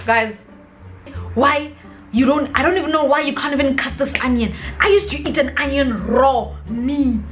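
A young South African woman vlogging a comedic rant, animated and mixing local slang into her English. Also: high voice, moderate pace, soft background music, rough recording.

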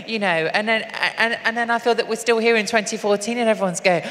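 A woman's voice: mid-range voice, steady tone, fairly bright tone. A woman activist speaking earnestly on stage at a live event, often restarting her sentences. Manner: earnest, halting with frequent restarts. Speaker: activist and guest. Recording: long hall reverb, faint noise.

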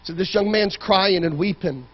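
A male pastor preaching a fervent sermon in a church, swinging from loud shouting to quiet storytelling. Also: high voice, normal speed, highs cut off. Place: church sanctuary.

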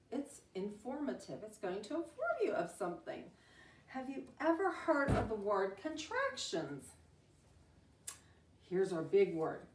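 A middle-aged woman teacher reading a picture book to young children, animated and exclaiming. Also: medium pitch. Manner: animated, gasping and exclaiming, speaks slowly and sing-song to young children. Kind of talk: storytime read-aloud lesson. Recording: roomy, from a distance.

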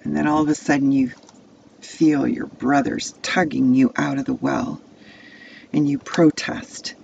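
A woman tells a Bible story to children at a slow, unhurried pace, drawing listeners into the tale. Her voice has a gravelly edge, and the recording is dull and lo-fi with faint background noise. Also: rumbling low, fairly even intonation, a little mellow. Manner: second-person immersive storytelling.

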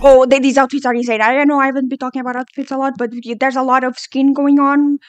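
A high-pitched young woman reacting to a music video with wild, breathless excitement. She swears freely, sings along and jumps into shrieks. Faint music plays behind her voice. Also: fast, clear, resonant tone.

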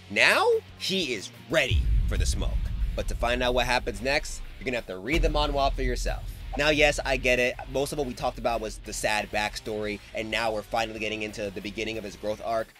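A man's voice: mid-range voice, fairly bright tone. A man giving a casual, slang-filled recap of a comic story, emotionally invested in the hero. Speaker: manhwa recap creator.

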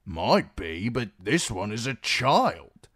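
A male reader voicing an older, disapproving guardsman in a gruff, gravelly voice. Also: fairly low pitch, big pitch swings, takes it slowly, a bit bright, no echo, studio quality, voice pushed up, heavily acted.

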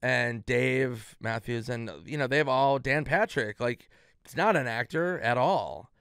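Smooth-voiced man telling animated stories. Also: medium pitch, unhurried, dry recording, clean studio sound. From Minnesota, USA. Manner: animated storyteller who acts out quotes in varied voices. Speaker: podcast guest, comedian. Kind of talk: casual storytelling chat.

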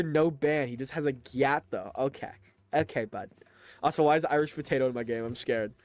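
A man streaming a video game live, talking to his chat in a chatty, excitable way. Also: mid-range voice, dry recording. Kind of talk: live gaming stream commentary.

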